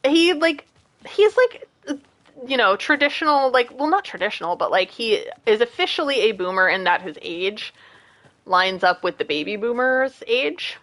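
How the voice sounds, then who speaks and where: A woman's voice: a little high, animated, normal speed, fairly bright tone. A woman in her late thirties chatting casually with her stream audience, rambling from one story to the next, laughing often and going off on rants. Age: late 30s.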